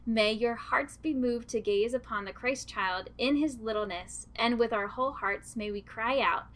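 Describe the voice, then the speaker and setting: A woman with a slightly raised, light voice gives a devotional reflection as a religious sister. Her delivery is gentle and earnest throughout. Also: a little high, normal speed.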